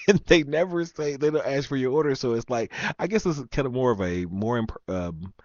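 A man's voice: mid-range voice, animated, moderate pace, darkish tone, dry recording, lo-fi sound. A man hosting a live chat stream, telling a story in a casual rant, laughing often and trailing off with ums.

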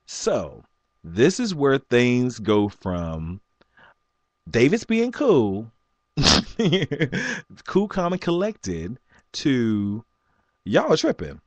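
Animated, laughing man telling a story. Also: drawn-out words, long pauses, no room sound. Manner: animated, laughing, voice jumps high for quoted lines. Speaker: vlogger. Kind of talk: storytelling rant.

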